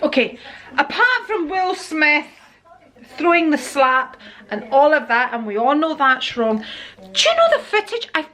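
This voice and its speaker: A woman's voice: sits high, a bit bright. A middle-aged woman chatting casually to camera at home in a rambling way, laughing often. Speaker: vlogger. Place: at home, indoors.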